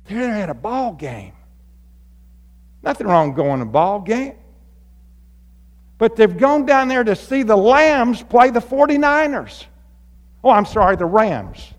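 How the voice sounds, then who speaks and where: A man preaching a lively sermon as pastor in church, animated and building to fired-up shouts. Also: high voice, a little slow, long pauses. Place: church sanctuary. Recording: long reverb of a large hall.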